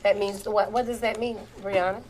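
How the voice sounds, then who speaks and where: A woman teacher leading a young class, speaking clearly and expressively and slowing down to model reading. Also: mid-range voice, fairly even intonation, darkish tone. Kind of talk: classroom reading lesson with children.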